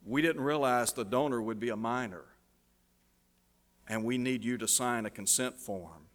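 A man voicing a grave, gentle old male doctor, speaking softly and low. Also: moderate pace, natural voice. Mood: grave, hushed. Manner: soft, lowered delivery. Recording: long hall reverb.

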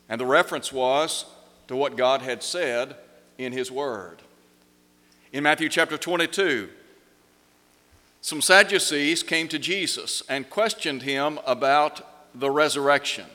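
A man preaching an evening sermon from the pulpit, with a measured cadence that slows down and speeds up for emphasis. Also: on the high side, bright, forceful tone. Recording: long hall reverb.

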